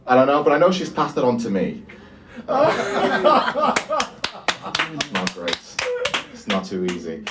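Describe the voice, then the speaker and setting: Offhand young comic, distant mic. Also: male voice, medium pitch, wildly swooping pitch, a little slow, pauses often, heavy background noise. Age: 20s. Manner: dry, offhand, self-mocking delivery. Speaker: stand-up comedian. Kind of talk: live stand-up set. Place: small bar venue with live audience.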